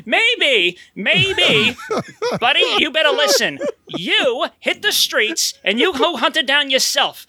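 A man's voice: very high voice, very animated, slow, background noise, heavily acted. A man reading the part of a lazy, grumbling guardian angel, sarcastic and often laughing. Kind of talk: comedic script read-through.

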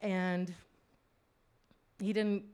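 In a clean, darkish mid-range voice, a woman relates something from her own life, drawing out her words with little pitch movement. She talks wryly and casually, scattering asides and fillers throughout the monologue.

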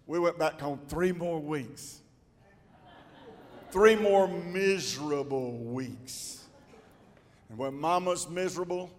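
An older man, pastoring and preaching a folksy storytelling sermon with a drawl that swells into shouting. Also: fairly high pitch. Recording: long church reverb.

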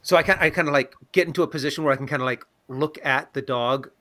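A man's voice: mid-range voice, quick pace, pushed and bright. A man playing a tabletop game, explaining his moves in a rambling way with many fillers. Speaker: player. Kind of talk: casual tabletop game play.

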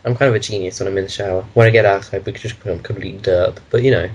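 A man's voice: sits low, fairly even intonation, rapid-fire, muffled recording, a little hiss or hum. A man co-hosting a casual podcast chat, rambling through meandering explanations of his own ideas. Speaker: podcast co-host.

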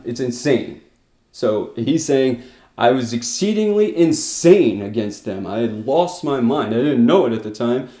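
Man, bible teacher, expository teaching, animated, mellow dark tone, roomy echo. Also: medium pitch. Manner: animated, acts out quotes with bursts of loudness and laughs.

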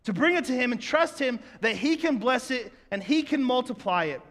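High bright-voiced pastor preaching in a hall. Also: male voice, lively intonation, moderate pace. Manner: conversational preaching with rhetorical questions. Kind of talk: sermon. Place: church sanctuary. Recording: echoey hall.

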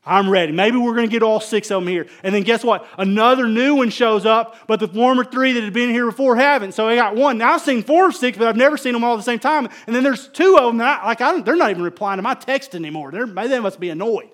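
This middle-aged pastor's voice is extremely high, and he talks at a quick pace with few pauses. His sermon is conversational, with animated storytelling that swings between loud, emphatic moments and quiet asides.

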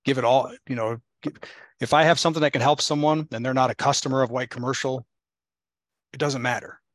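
A man's voice: mid-range voice, fairly even intonation, fast talker, dry recording. A man hosting a casual interview, rambling thoughtfully and laughing easily between his points. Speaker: podcast host.

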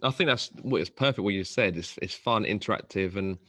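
A man interviewing a guest, asking questions and chiming in with short, relaxed agreement. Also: on the low side, fairly quick. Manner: brief agreeing responses, relaxed. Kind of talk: casual interview.

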